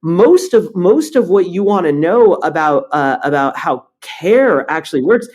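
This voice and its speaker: In this conversational interview, the guest is a startup founder and CEO whose high voice runs a little slow. He's blunt and animated, swearing at times while telling energetic stories.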